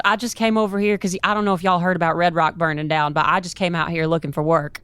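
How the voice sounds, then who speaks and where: A woman's voice: fairly low pitch, fairly even intonation, fast talker, few pauses, a bit bright, clean tone, no room sound. Lady player, chatty and laughing, bluffing a lot, dry close sound. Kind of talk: playing a tabletop game in character.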